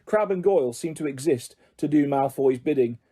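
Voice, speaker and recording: A man narrating an audiobook in a steady storytelling manner, with occasional small slips. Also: a little high, moderate pace.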